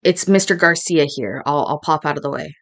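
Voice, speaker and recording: Animated, laughing woman host. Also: low-pitched, brisk, gravelly. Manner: laughing, animated, swears freely. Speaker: host reacting to court clips. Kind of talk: casual reaction commentary.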